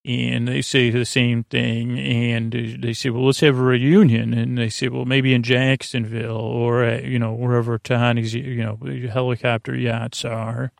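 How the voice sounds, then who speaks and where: A man hosting a sleep podcast, giving a meandering, low-key, halting recap of a TV episode. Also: flat delivery, creaky, no echo, clean studio sound. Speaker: podcast host. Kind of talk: rambling bedtime episode recap.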